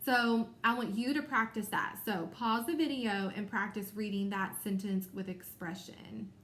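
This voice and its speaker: A woman teacher giving a recorded reading lesson to young children, explaining clearly and encouragingly. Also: medium pitch, fairly even intonation, measured pace, fairly bright tone, echoey room.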